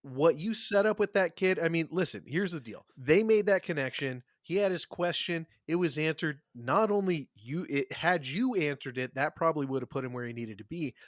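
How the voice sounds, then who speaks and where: A man's voice: on the high side, animated, moderate pace, few pauses, no echo, clean studio sound. A man hosting a podcast in casual chat, easygoing and conversational. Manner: conversational, laughs along. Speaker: podcast host.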